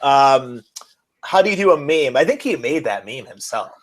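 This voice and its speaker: A man co-hosting a casual wrestling and sports podcast, excitable and rambling, swearing as he goes. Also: mid-range voice, moderate pace. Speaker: podcast co-host. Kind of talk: casual chat.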